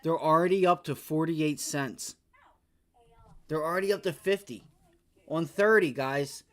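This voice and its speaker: A man's voice: on the high side, measured pace, a bit bright. A young man giving live trading commentary on a stream, frustrated, swearing and repeating his exclamations. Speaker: day trader streaming live.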